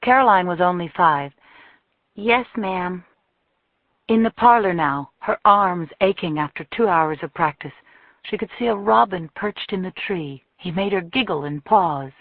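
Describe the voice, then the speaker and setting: A woman's voice: fairly low pitch, no echo. Woman narrator, thin phone-like sound. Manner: measured, expressive reading. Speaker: audiobook narrator. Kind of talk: scripted narration.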